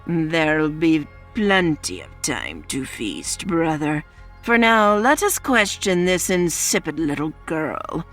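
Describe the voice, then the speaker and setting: A commanding alpha wolf questions his prey in a low, slow, scornful voice, as a woman narrator acts him out in a dark fantasy audiobook. Faint music plays behind. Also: big pitch swings, exaggerated voice. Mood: stern scornful. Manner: stern, measured, scornful. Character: stern male alpha wolf, leader of the pack.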